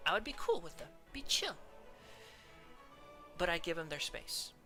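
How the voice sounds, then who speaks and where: Over faint background music, this streamer talks through a character ranking in a sing-song, bright and forceful mid-range voice at a moderate pace. The chat is giggly and rambling, with sentences that trail off and start again.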